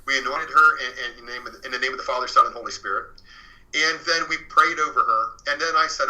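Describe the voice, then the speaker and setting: A man's voice: mid-range voice, fast talker, bright, forceful tone, low-quality recording. A man as an interview guest, earnestly telling a true paranormal story in a casual way, full of fillers. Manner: earnest and conversational, many fillers.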